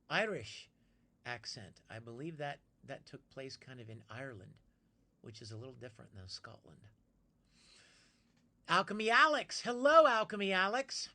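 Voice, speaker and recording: A man's voice: high-pitched, bright, forceful tone. A man hosting a casual live stream, chatty and friendly, answering viewers by name and plugging his projects. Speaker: live streamer reading chat.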